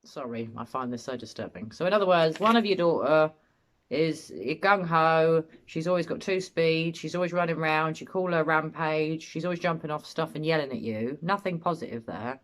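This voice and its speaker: A British woman giving opinionated, blunt analysis as host of a commentary video. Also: deep voice.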